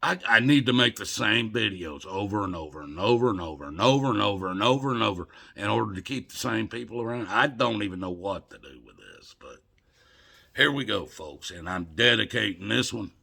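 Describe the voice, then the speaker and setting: An older man delivering an emotional, scolding monologue to camera, swinging between loud outbursts and hushed murmurs. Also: lowish voice, gravelly, slightly rough. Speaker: video blogger.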